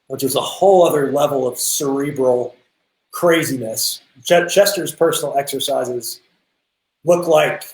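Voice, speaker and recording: A young man telling a drumming story in a casual interview, animated and quick to act out what others said, over a video call. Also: medium pitch. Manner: animated, lots of restarts, quotes people in acted voices. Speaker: guest drummer. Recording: roomy echo.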